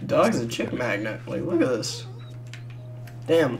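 A gamer giving casual, crude, joking commentary while playing, often bursting into loud laughter. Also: medium pitch, big pitch swings, slow pace, creaky. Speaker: let's play gamer.

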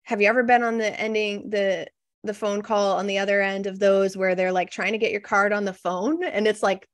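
A woman's voice: mid-range voice, flat delivery, fairly quick, no echo. A woman copywriter as a podcast guest in casual interview chat, frank and reflective, with many "you know" fillers.

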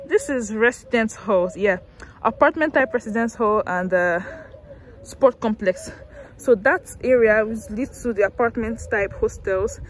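A woman's voice: medium pitch, a little hiss or hum. A young woman vlogging a walking tour of a university campus outdoors, chatty and self-mocking, talking to viewers through a handheld phone. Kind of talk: casual walking vlog.

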